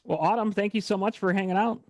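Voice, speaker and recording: A radio host bringing fans into a virtual studio one at a time, with upbeat, brisk patter. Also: medium pitch, steady tone, no echo. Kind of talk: hosting a virtual fan meet.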